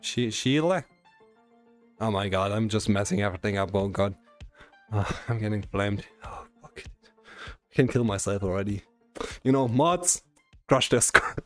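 Faint music plays behind a man with a German accent as he chats and teases his live-stream viewers at normal speed. His fairly low, fairly bright voice is strained and slightly worn, and he pauses often, stammering and restarting frequently.

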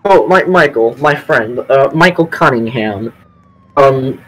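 A man's voice: medium pitch, a little slow, low-quality recording. A man chatting casually over game voice chat, joking crudely and swearing. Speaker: player in voice chat.

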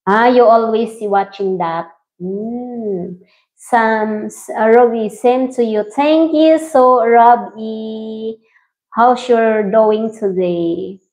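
A woman's voice: on the high side, slow, a little mellow. A woman hosting a casual livestream, reading viewer comments and greeting them by name in simple English. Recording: dull lo-fi stream audio.

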